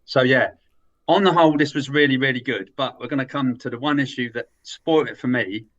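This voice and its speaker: A man's voice: medium pitch, a little fast, highs cut off. A man in a casual podcast chat, rambling and teasing as he reviews a film. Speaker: podcast co-host.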